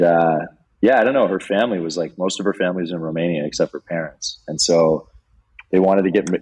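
A man's voice: low voice, a little mellow, husky, low-quality recording. A man guesting on a podcast, telling long rambling stories in a laid-back way with lots of "like"s. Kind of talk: casual storytelling.

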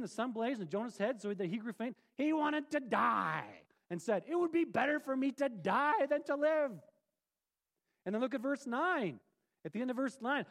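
A pastor preaching a sermon in a conversational, playful way, asking the congregation questions. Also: male voice, high voice.

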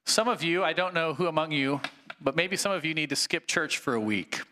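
A male pastor giving an earnest sermon in a loose, conversational way. His voice is bright and sits fairly high, and he pauses with fillers as he reads aloud. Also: lively intonation.

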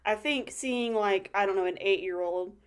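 A woman's voice: medium pitch, moderate pace, smooth. A woman co-hosting a podcast in casual chat, making blunt points with plenty of swearing. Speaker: podcast co-host.

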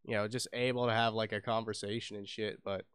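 A man's voice: fairly low pitch, level tone, fairly quick, a bit bright, smooth, no echo, clean studio sound. A young man co-hosting a podcast in casual chat, rambling with lots of fillers and restarts and swearing freely. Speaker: podcast co-host.

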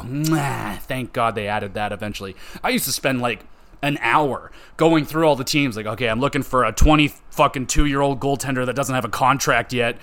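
A man hosting a podcast, chatting casually and with lots of swearing, acting out quoted voices. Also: mid-range voice. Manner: animated, profane, acts out quoted voices. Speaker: podcast host.

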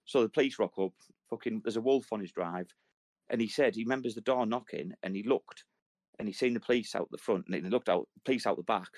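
A man's voice: fairly low pitch, darkish tone, no room sound. A man, hosting a podcast, telling army stories in casual, sweary banter and acting out the voices of the people in them. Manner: fast storytelling, acts out quoted lines. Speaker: podcast host.

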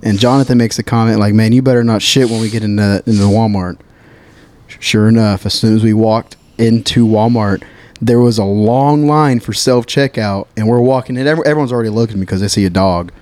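A young man co-hosting a podcast, telling a story in casual chat. He is animated, swears freely and laughs along as he talks. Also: on the low side, fairly quick. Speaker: podcast co-host.

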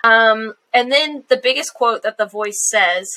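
Woman, podcast co-host, fairly high voice, bright tone, chatty casual recap. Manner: chatty, laughing, quick asides.

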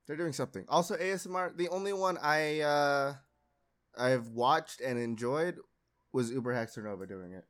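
A young man hosts a casual podcast with a laid-back, rambling delivery. His voice sits at a middle pitch and he laughs easily between remarks. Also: moderate pace, fairly bright tone. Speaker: podcast host.

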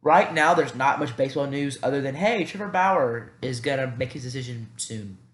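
Young man, Southern accent, sports podcast host, cheap headset, roomy echo. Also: mid-range voice. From American South. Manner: rambling, fast and animated, with many restarts. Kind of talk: solo sports podcast talk. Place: at home by a computer.

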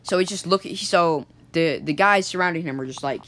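Brief: casual improvised storyteller, rambling, restarts, mid-pitched voice. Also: fairly quick, hardly any pauses, a bit bright, a little hiss or hum. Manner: rambling, many fillers and restarts.

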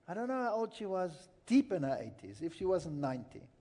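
High-voiced preacher in a reverberant hall. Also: male voice, sing-song, fairly quick, mellow. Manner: earnest, emphatic, storytelling. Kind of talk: sermon. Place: large hall with an audience.

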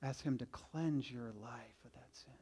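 A middle-aged man preaching a sermon as a pastor, earnest, swinging from loud urging to quiet, confessional passages. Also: mid-range voice, unhurried, husky.

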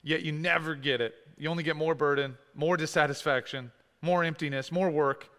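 A man's voice: on the high side, steady tone, moderate pace, fairly bright tone, big-room sound. A man preaching a sermon, earnest and pleading, asking the congregation direct questions.

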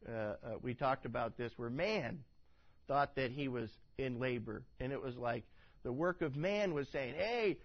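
A man's voice: mid-range voice, normal speed. A man preaching a sermon as pastor, reading scripture dramatically and with great animation. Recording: dull, dry audio.

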